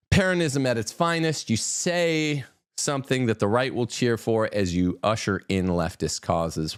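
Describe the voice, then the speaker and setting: A man's voice: fairly low pitch, no echo, studio quality. A man hosting an opinionated news commentary show, reading headlines and adding sarcastic, mocking asides. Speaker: host.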